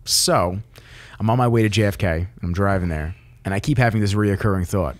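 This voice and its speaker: A man's voice: on the low side, a little fast. New guy telling a story on a podcast, laughs a lot, swears, acts out every line. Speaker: podcast co-host. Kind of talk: casual storytelling chat.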